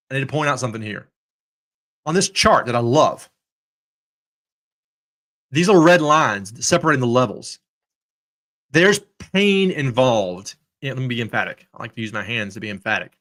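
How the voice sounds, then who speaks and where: A man's voice: mid-range voice, sharp tone. A middle-aged man hosting a livestream talk, emphatic and jokey, speaking to his viewers in the chat. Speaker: host.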